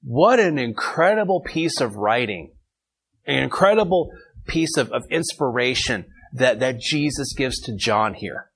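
A man's voice: medium pitch, animated, a little slow, a bit bright, husky, low-quality recording. A man leading an informal Bible study, reading verses and taking questions from his group in a conversational way.

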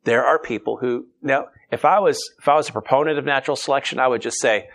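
A man's voice: medium pitch, quick pace, gravelly, fairly bright tone. A middle-aged man preaching a sermon in a conversational, humorous way. He reads scripture aloud and then explains it.

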